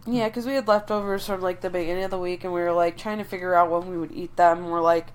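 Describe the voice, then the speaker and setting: A young woman with a somewhat low voice, chatting casually as a podcast co-host. She tells her story in a loose, rambling way and leans on fillers. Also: steady tone, fast, clean tone. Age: young adult. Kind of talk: casual chat.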